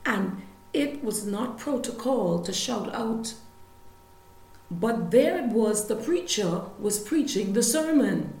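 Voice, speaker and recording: A woman preaching a sermon, telling her healing testimony and reading scripture with slow emphasis. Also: on the high side, lively intonation, vocal fry, a little mellow, roomy sound, low-quality recording.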